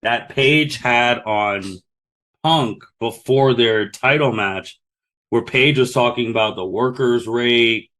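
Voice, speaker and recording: Hosting a podcast, a man rambles through a casual, relaxed chat packed with fillers. His voice sits in the mid range, and he takes his time.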